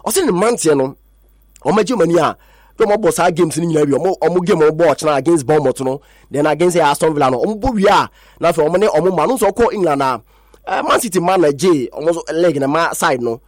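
A man with a Ghanaian accent presenting sports news in an excited way, acting out quotes from players and coaches. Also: on the high side, quick pace, no echo, clean studio sound. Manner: excitable, mixes languages, acts out quotes. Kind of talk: animated sports talk.

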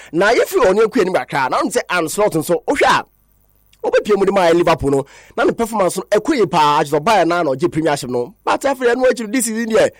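A man presenting a radio sports news report in a lively, chatty way. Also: fairly high pitch, no echo, studio quality.

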